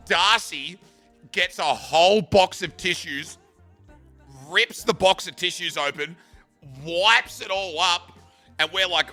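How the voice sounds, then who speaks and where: A man's voice: on the high side, bright, forceful tone. A young Australian man casually telling a rambling, sweary school story, full of bro and dude. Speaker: streamer.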